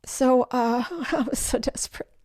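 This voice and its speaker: An older woman, the guest in an interview, telling her life story in an animated way and acting out the voices of people in it. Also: sits high, measured pace, dry recording, studio quality. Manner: animated storyteller who acts out quoted voices.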